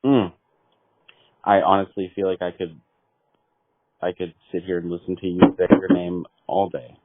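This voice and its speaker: A man making a prank phone call, talking slowly in a mystical, deadpan way that breaks into angry swearing. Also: low voice, no room sound. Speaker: prank caller. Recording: tinny phone line.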